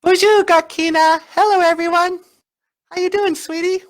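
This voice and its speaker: A man voicing a sweet, cheerful female co-host in a high, chirpy falsetto for a comedic podcast skit. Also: steady tone, normal speed.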